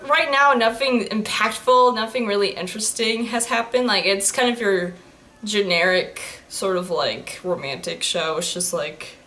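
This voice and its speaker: Medium in pitch, her voice comes across as pushed and bright. She is a young adult anime reaction YouTuber offering casual, rambling commentary, giggling, laughing often, and joking about what plays in front of her.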